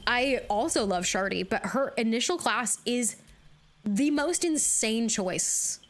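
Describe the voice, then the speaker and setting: A woman streaming a video game live, chatting casually with her viewers, bubbly and quick to laugh. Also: fairly high pitch, expressive. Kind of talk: casual live-stream chat while gaming.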